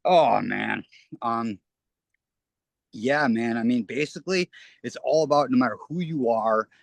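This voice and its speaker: A man's voice: mid-range voice, a little slow, gravelly, no echo. A man talking as an interview guest, rambling earnestly and often restarting his phrases. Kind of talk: casual spoken interview.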